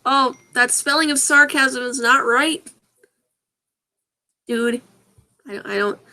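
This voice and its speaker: A woman with a high, bright, forceful voice hosts a video, reading awkward fan fiction and comments aloud slowly, with long pauses. She's casual and comic, giggling, bursting into laughter, and sounding puzzled as she stumbles over the text.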